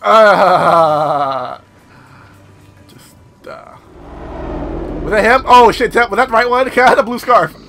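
Goofy, high-voiced young gamer man. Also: moderate pace, pauses often, fairly bright tone, soft background music. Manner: goofy, crude, rambling. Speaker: gameplay commentator. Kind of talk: casual let's-play commentary.

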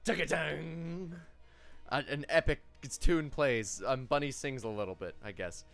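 A young man running an online tabletop game, his voice bright and forward and his pitch leaping about with energy. He narrates through restarts and fillers, breaking into laughter. Faint music sits under him. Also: lively intonation, moderate pace, clean tone. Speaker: game master.

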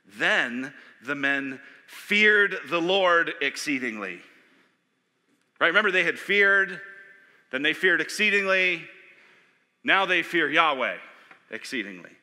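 A man preaching a sermon as pastor, animated, asking questions and acting out voices. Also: a little high, takes it slowly, long pauses. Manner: animated, acts out voices, asks the audience questions. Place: church sanctuary. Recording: long hall reverb.

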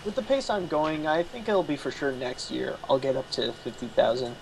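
A man's voice: a little high, big pitch swings, moderate pace, gravelly, slight background noise, poor audio. A young man from from there, chatting casually and rambling through restarts. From Quebec, Canada. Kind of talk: casual chat.

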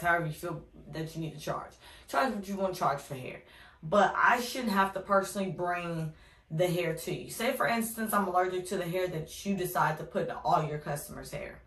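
A woman vlogger telling a casual storytime, candid and opinionated with ranting asides. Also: lowish voice. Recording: echoey room.

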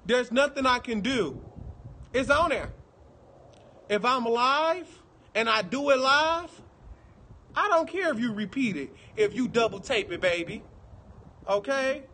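A man's voice: very high-pitched, expressive, a little slow, long pauses, bright, forceful tone. A man with a Detroit accent doing a livestream, chatting with viewers in a brash, profane, teasing way. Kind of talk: casual livestream chat.

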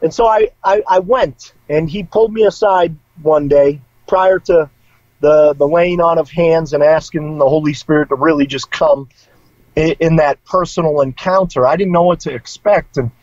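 A middle-aged man shares his story in a relaxed, emotional way and drops casual slang. His voice sits a little high. The sound is dry and dull, a bit lo-fi. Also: normal speed, no echo. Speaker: guest, former priest. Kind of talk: personal testimony in casual interview.

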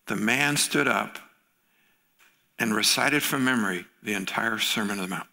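A man's voice: lowish voice, moderate pace, creaky. A middle-aged male pastor preaching a sermon in a church, telling stories and acting out the voices in them. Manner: animated storytelling, acting out quoted voices.

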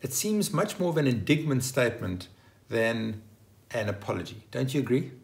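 A man's voice: mid-range voice, big pitch swings, moderate pace, vocal fry. A man hosting his own channel and teaching English vocabulary in an upbeat, emphatic way, acting out example phrases. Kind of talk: scripted vocabulary lesson.

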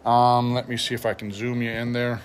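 A man of ordinary pitch, a pastor, giving a relaxed show-and-tell of a study Bible and reading its notes aloud. Faint background noise sits under his voice. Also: normal speed. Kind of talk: Bible unboxing review.

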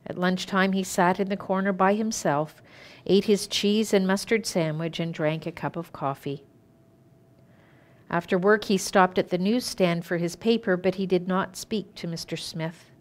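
A woman minister with a Canadian accent, calmly reading a children's story aloud with gentle expression. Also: lowish voice, moderate pace. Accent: Canadian English.

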